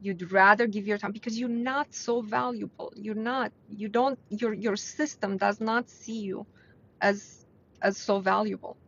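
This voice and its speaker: A woman's voice: medium pitch, steady tone, a little slow, a bit bright. A woman hosting a live mindset talk, speaking bluntly and earnestly to her viewers and pushing her voice up to stress a point. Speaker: host of a weekly live mindset stream. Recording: dull lo-fi livestream audio.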